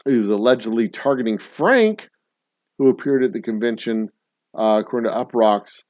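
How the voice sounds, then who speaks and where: A man's voice: mid-range voice, expressive, moderate pace, darkish tone, no room sound. Profane, laughing male livestream host. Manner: profane, incredulous, laughing riffs. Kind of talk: casual livestream commentary. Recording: dull dry lo-fi recording.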